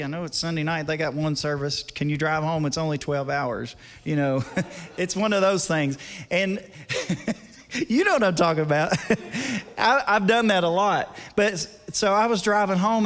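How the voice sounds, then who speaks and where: A man preaching a storytelling sermon in a church service, chatty, laughing between lines and dropping to a hush for the tense parts. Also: a little high. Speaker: guest preacher and guitarist. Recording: long reverb from a large hall.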